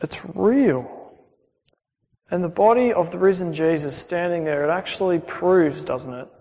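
A man's voice: high voice, unhurried, darkish tone. A young man preaching a conversational sermon, with many fillers and questions to the congregation. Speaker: pastor. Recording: dull sound in a hall with long reverb.

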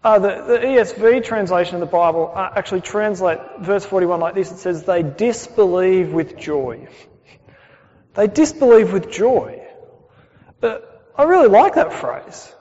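A man's voice: high voice, animated, moderate pace, a little mellow. A young man preaching a conversational sermon, with many fillers and questions to the congregation. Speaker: pastor. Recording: dull sound in a hall with long reverb.

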